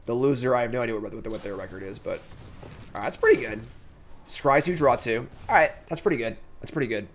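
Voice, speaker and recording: Guy streaming a card game, just chatting thru his plays and reading chat, mid pitch voice. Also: lively intonation, fast, slight background noise. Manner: chatty, thinks aloud, reads chat and answers it. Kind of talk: casual live-stream commentary.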